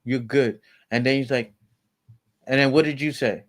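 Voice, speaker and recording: A man in a heated family argument as a father, talking in a raised, forceful, lecturing way. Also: medium pitch, fairly even intonation, moderate pace. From United States.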